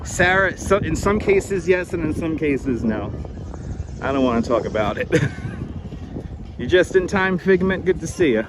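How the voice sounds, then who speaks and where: A man's voice: on the high side, expressive, a little slow, long pauses. A man hosting a live walking stream on a beach, chatty and a little out of breath, greeting viewers by name over a clip-on mic. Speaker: livestream host. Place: outdoors on a windy beach. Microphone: wireless clip-on mic. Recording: wind noise on outdoor mic.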